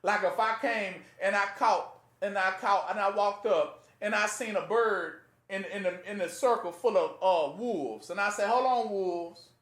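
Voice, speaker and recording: A man teaching scripture in a casual sermon, often pausing to ask listeners to fill in the last word. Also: high voice, fairly bright tone. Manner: rhetorical fill-in-the-blank questions to listeners; conversational, plain-spoken. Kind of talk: informal Bible teaching sermon. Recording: echoey room.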